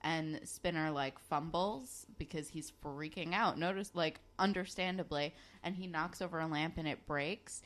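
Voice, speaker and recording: A woman's voice: low-pitched, moderate pace, hardly any pauses, fairly bright tone. A young woman co-hosting a podcast, sarcastically recapping a TV episode in casual chat that is full of "like". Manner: sarcastic, says "like" a lot. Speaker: podcast co-host.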